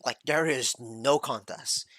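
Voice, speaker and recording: A man's voice: medium pitch, slow, a bit bright, dry recording. Male streamer, heated rambling rant, swears a lot, dry recording. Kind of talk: ranting reaction commentary.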